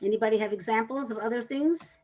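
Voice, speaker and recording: Woman lecturing at a measured pace. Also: fairly high pitch, a little mellow, rough recording. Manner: measured, explanatory, with pauses and restarts. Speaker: lecturer on anger management. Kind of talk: talk to an audience.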